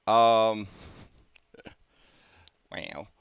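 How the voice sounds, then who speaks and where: A man with a fairly low voice talks through his tabletop campaign prep as game master, rambling casually with lots of fillers and side remarks. The recording is dull and lo-fi, with a dry, close sound and no room echo. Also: a bit bright, smooth. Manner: rambling and conversational, with many fillers and quick asides.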